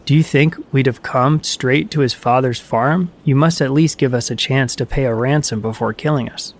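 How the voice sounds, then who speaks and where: A man's voice: medium pitch, fairly even intonation, moderate pace, close to an everyday voice. Man playing self-assured chief god, airy, unruffled, storybook myth. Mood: calm.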